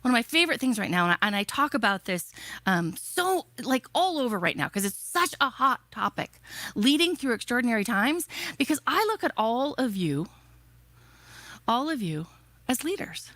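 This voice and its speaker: Motivational keynote woman, higher voice, animated delivery, dry close sound. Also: normal speed, no echo. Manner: energetic, emphatic, repeating rhetorical questions. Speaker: keynote speaker.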